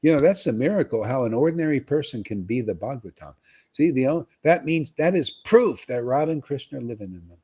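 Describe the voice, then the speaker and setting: A man giving an informal, rambling devotional talk to followers, often pausing to ask "see?" and repeating himself. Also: medium pitch, animated, mellow, slightly rough. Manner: conversational, rambling, repeats words and asks "see?". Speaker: spiritual teacher.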